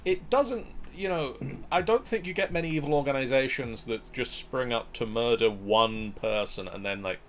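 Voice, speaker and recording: A man hosting a casual online quiz. He reads each question slowly, repeats it and adds joking asides. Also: mid-range voice, a bit bright, a little hiss or hum. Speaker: quiz host. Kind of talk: casual quiz show chat.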